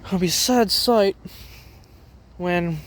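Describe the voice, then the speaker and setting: A young Australian with a high, fairly bright voice speaks slowly as he vlogs about trains on an outdoor station platform. Lozenge in mouth, he rambles through casual walking commentary, full of fillers and restarts.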